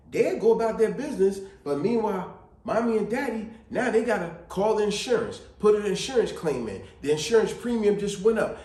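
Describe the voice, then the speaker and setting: A man giving casual family advice, preachy and animated, repeating his points. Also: high-pitched, roomy sound. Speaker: video host.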